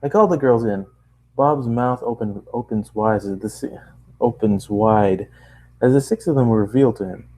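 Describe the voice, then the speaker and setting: A man's voice: lowish voice, moderate pace, darkish tone, poor audio. A man casually reading fan fiction aloud, chatty and self-deprecating, often stumbling and restarting lines. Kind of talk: casual story reading with asides.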